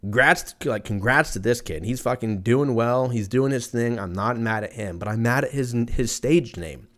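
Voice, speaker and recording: A man's voice: medium pitch, normal speed, fairly bright tone. A man in his thirties hosting a podcast, ranting casually in a profane, rambling, sarcastic way. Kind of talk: casual rant.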